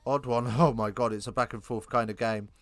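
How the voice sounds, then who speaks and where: A man calling a live rugby game, chatty and self-correcting, lifting into excited bursts on big plays. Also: medium pitch, fairly quick, dry recording. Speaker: rugby commentator. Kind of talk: live alternative play-by-play commentary.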